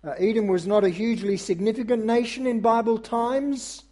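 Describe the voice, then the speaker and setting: A man preaching a sermon to his congregation in an earnest, measured way, often pausing on filler sounds. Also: high-pitched, steady tone, warm tone. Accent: non-American English. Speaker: pastor.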